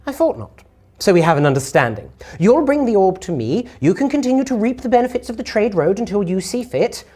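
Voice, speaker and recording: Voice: mid-range voice, big pitch swings, a little fast, a little mellow, pitched above the performer's own voice. A game master voicing a commanding female sorceress who speaks in a muffled, condescending way, as if heard through thick glass. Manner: silky, condescending.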